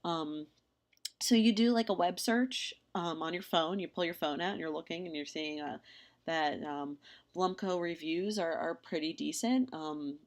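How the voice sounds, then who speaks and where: Female lecturer, lowish voice, conversational and filler-heavy, narrating slides. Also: unhurried. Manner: casual, chatty with many ums and restarts; acts out lively quoted dialogue in examples.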